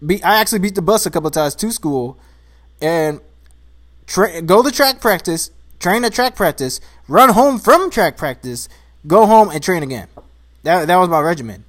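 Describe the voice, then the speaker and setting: A man's voice: sits high, expressive, moderate pace, a bit bright. A young man, chatting casually in a vlog, rambling, laughing at himself and getting worked up. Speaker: vlogger. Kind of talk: casual chat.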